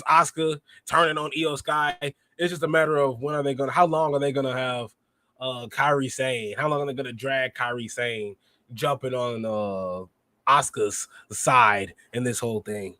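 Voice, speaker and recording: A man hosting a podcast, recapping wrestling in an animated, rambling way and acting out quotes. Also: medium pitch, no echo. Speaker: podcast host.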